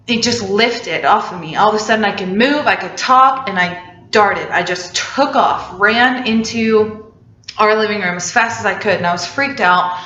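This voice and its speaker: A woman's voice: medium pitch, normal speed, sharp tone, slight background noise. A young woman telling a personal story casually, chatty and full of "like" fillers. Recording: roomy, slightly dull recording.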